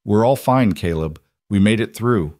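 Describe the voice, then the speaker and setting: A man's voice: fairly low pitch, expressive, normal speed, a little mellow, dry recording, lightly acted. A man voicing a determined frontier wife who pleads fiercely and speaks tenderly to her husband in a storybook.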